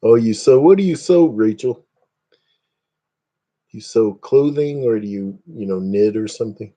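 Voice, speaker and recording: A man chats casually with his livestream viewers, wandering from topic to topic. His voice sits on the low side with a soft, mellow tone. He jokes easily and often at his own expense. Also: animated, normal speed. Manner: rambling, self-deprecating joking. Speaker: livestream host. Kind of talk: casual chat with live viewers.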